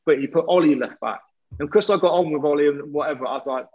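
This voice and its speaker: A man's voice: on the high side, fast. A man, a former footballer, telling stories in a casual, laddish way and swearing freely. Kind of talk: casual storytelling. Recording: dull lo-fi audio.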